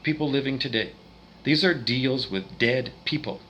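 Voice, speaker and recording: A man from Canada ranting angrily, swearing often and swinging between loud outbursts and quieter muttering. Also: medium pitch, normal speed, a little hiss or hum, rough recording. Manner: profane, agitated ranting with swings in loudness. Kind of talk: angry rant monologue.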